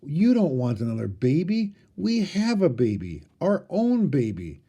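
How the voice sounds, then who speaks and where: A man's voice: on the high side, wildly swooping pitch, a little slow, dark tone, breathy edge, voice pushed up, exaggerated voice. A man reading a storybook aloud, voicing an exasperated pioneer mother who scolds in a bewildered way. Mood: scolding.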